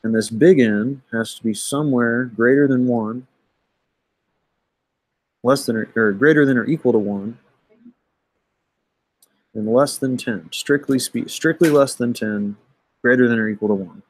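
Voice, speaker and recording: A man teaching math, walking through exam solutions in a conversational way, often pausing with "um" and checking in with "right?". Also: mid-range voice, no echo, low-quality recording. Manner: conversational, thinks aloud with many "um" and "right?". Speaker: math instructor. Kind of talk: recorded lecture going over an exam.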